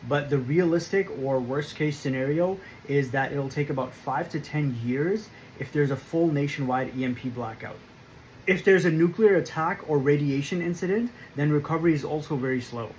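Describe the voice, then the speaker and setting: A man hosting a prepping channel, delivering a scripted explainer monologue in a firm, emphatic, measured way. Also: fairly high pitch, darkish tone, slight background noise, poor audio.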